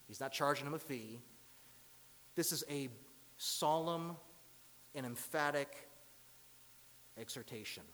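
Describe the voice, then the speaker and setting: A man preaching a sermon in a church. He is emphatic, swinging between loud proclaiming and hushed passages. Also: on the high side. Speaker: pastor. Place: church sanctuary. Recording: long church hall reverb.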